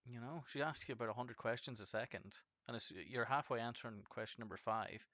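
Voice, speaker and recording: A man chatting casually on a live game stream, rambling and swearing, his voice jumping from deep to screechy when excited. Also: fairly quick, dry recording.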